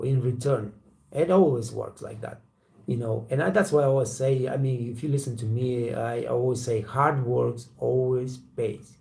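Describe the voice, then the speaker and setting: Gravelly blunt man. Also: medium pitch, warm tone. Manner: blunt, profane, storytelling with acted quotes. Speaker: waiter trainer and channel host. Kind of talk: casual motivational talk to camera.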